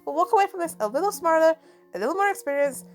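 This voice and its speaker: A woman voicing a jolly, excitable young girl hero in a bubbly, upbeat way. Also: very high-pitched, fast, soft background music, voice pushed up. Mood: cheery.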